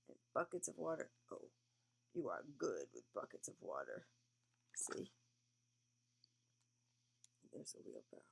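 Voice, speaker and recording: Sleepy low-voiced woman reading aloud. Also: wildly swooping pitch, a little slow, gravelly, pauses often, breathy edge. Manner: gentle, chatty asides to a young listener. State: sleepy, yawning. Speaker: reader to a child. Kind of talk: reading a picture book aloud.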